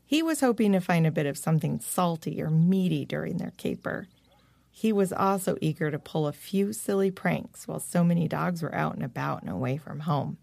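Gravelly low-voiced woman storyteller. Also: brisk, a little mellow, dry recording. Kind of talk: storybook narration.

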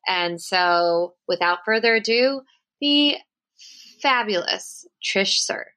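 A woman's voice: mid-range voice, lively intonation, slow, bright, forceful tone. A woman hosting a podcast, chatting with gushing enthusiasm. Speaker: podcast host. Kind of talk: casual chat.

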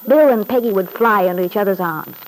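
An actress playing a haughty, spoiled young wife from a rich family, talking back with cutting scorn in 1940s radio drama style. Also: female voice, mid-range voice, fairly quick, natural voice. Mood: defiant. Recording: scratchy old radio broadcast.

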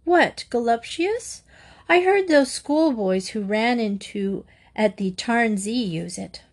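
Woman voicing a cheeky storybook schoolgirl, high, lively, slangy. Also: takes it slowly, heavily acted. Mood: teasing.

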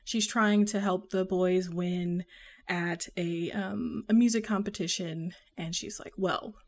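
A woman's voice: on the low side, steady tone, unhurried. A woman from the American South with a Southern accent, chatting casually about a book she read, rambling with lots of fillers and laughing often. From Southern United States. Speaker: podcast co-host reviewing a book. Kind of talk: casual chat.

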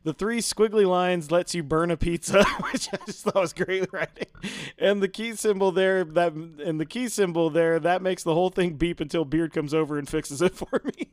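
A man's voice: high voice, steady tone, normal speed, no room sound, clean studio sound. A man co-hosting a podcast in casual chat, laughing often and reading quotes out with gusto. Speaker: podcast co-host.

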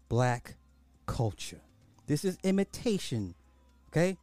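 A man's voice: mid-range voice, lively intonation, normal speed, over music. A man hosting a commentary podcast, repeating rhetorical questions in disbelief and talking straight to his listeners. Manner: incredulous, repetitive, rhetorical questions; addresses listeners as y'all. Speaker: podcast host. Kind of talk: social commentary reacting to clips.

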